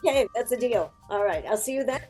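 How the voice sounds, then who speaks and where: An older actress talking as an interview guest, effusive and heartfelt, chatty with frequent restarts. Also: female voice, on the high side, animated, fast talker, a little mellow, faint music behind. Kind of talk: casual interview chat.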